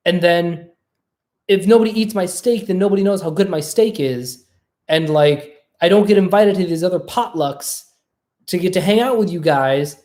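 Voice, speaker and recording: A podcast host speaking in a relaxed, conversational way, sprinkling in fillers and asking "right?" now and then. The host tells personal stories with animation and acts out both sides of remembered conversations. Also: medium pitch, normal speed. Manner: animated storytelling, acting out quoted exchanges. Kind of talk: casual monologue.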